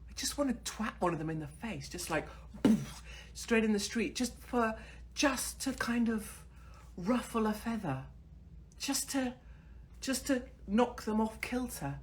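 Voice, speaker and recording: A woman's voice: fairly high pitch, expressive, a little slow, slight background noise. A woman in her forties hosting her own online show, talking in a crude, sardonic and mocking way and swearing freely. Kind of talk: casual ranting monologue to camera.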